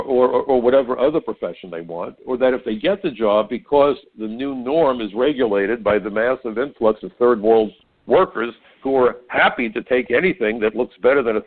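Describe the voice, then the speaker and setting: An older man hosting a talk radio show, telling stories in a folksy, opinionated way and often stammering on repeated words. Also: medium pitch. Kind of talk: conservative talk radio monologue. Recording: narrow phone-like radio sound.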